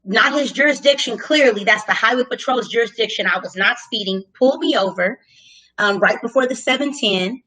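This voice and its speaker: A woman with a high, piercing voice tells a story in casual conversation. She is animated and profane, and she acts out her own lines loudly. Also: fairly quick, poor audio. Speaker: guest telling a story.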